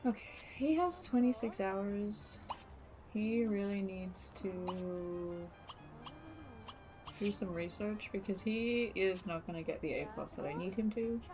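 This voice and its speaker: A woman's voice: mid-range voice, takes it slowly. A young Australian woman with a mixed accent that sounds partly Boston American, chatting and rambling as she streams a game, laughing often. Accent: mixed, American Boston-like with Australian traces. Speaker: gaming streamer. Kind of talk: casual live-stream commentary. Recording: game music behind the voice. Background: game music and keyboard typing.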